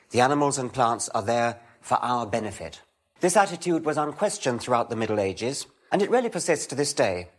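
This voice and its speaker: Older man, science lecturer, wry, measured, lively intonation, mid pitch.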